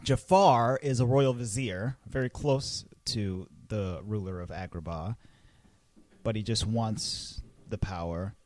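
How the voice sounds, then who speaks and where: A young man co-hosting a casual podcast chat, thinking out loud with restarts. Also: fairly low pitch, slow pace. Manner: animated, thinks aloud with restarts. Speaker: podcast co-host.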